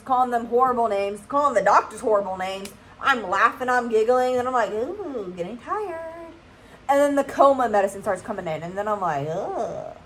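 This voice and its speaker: A woman's voice: on the high side, fairly bright tone, slight background noise, poor audio. A woman, telling a casual storytime vlog and often checking in with "okay?". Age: 20s. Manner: chatty, keeps asking "okay?". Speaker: vlogger.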